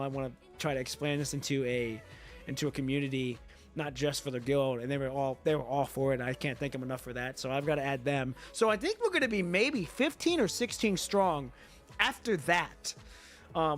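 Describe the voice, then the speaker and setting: Guy chatting to his viewers, kinda high voice, loose and rambly, swears now and then. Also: animated, a little fast, soft background music. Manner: rambling, thinks out loud, swears casually. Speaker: streamer. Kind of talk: casual chat to viewers.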